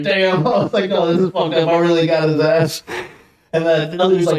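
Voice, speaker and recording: A man guest on a podcast, telling a story in a casual, animated, slang-heavy and profane way. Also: on the high side, fast talker. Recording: roomy echo.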